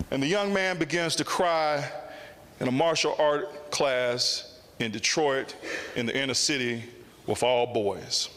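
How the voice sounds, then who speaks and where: A man's voice: medium pitch, fairly bright tone. Guy giving a speech at a summit, storytelling w lots of repeating for emphasis, big echoey hall. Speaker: summit speaker. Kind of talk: public speech. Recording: long hall reverb.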